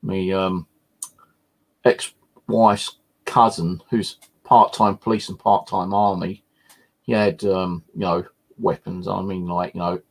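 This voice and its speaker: A man with a fairly low voice talks casually on his live stream. He rambles through stories with plenty of fillers and swearing. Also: flat delivery, takes it slowly, gravelly. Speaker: channel host.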